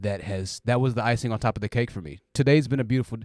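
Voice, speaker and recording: A man's voice: medium pitch, quick pace, darkish tone. A man hosting a casual live stream, joking and rambling and laughing often.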